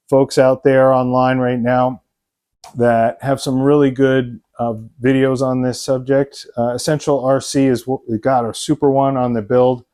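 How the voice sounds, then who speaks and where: A man's voice: mid-range voice, mellow. A man hosting a hobby vlog, narrating an unboxing in a casual, enthusiastic way with frequent ums and uhs. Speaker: RC model hobbyist and channel host.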